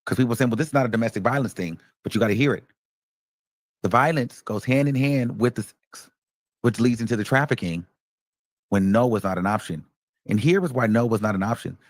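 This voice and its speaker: A man's voice: mid-range voice, brisk, pauses often, no echo. A man hosting reaction commentary, emphatic and repeating his points for stress. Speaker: commentary host.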